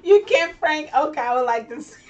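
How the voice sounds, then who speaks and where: A woman's voice: high voice, lively intonation, moderate pace. Woman, casual chatty host, laughs often, distant muffled mic, faint background hiss. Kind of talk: casual chat reading viewer comments.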